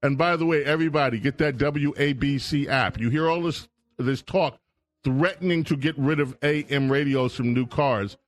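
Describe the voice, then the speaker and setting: A man's voice: a little high, steady tone, moderate pace. A man hosting a call-in radio talk show, with playful, upbeat announcer patter, on a studio microphone.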